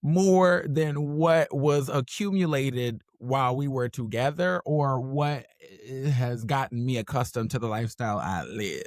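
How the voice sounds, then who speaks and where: An animated man co-hosting a casual podcast, often jumping up high to act out what others said. His voice sits at a middle pitch and sounds close and dry, with no room behind it. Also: unhurried, hardly any pauses, no room sound. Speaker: podcast co-host. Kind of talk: casual chat.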